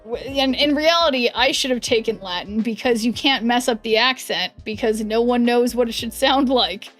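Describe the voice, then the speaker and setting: A young woman with a higher voice chats casually on a live stream, rambling between fillers and restarts. Faint music plays underneath her talk. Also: moderate pace, fairly bright tone. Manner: chatty and rambling, many fillers and self-corrections. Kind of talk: casual chat while gaming, reading chat aloud.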